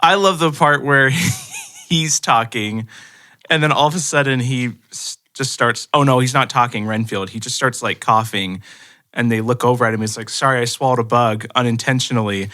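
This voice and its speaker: A man's voice: mid-range voice, normal speed, bright, forceful tone. A man co-hosting a movie review podcast, happily recounting favorite scenes in casual chat with lots of giggling.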